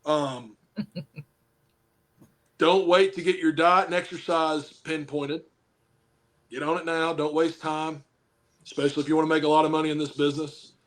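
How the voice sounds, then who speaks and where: Guy talking casual on a podcast, kinda high voice, rambly and jokey, blunt advice. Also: steady tone, measured pace, pauses often. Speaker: pro wrestler and football coach.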